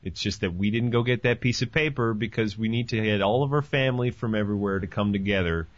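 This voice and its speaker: A man hosting a podcast in casual chat, animated and profane, joking as he talks. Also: lowish voice, fast talker, no echo. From Canada. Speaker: podcast host. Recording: dull lo-fi dry sound.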